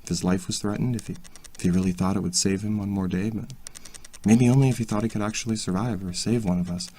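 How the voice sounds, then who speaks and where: A man with a husky voice playing a soft-spoken young woman who hesitates and reassures the others in an amateur audio drama. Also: lowish voice, steady tone, quick pace, lightly acted. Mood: earnest.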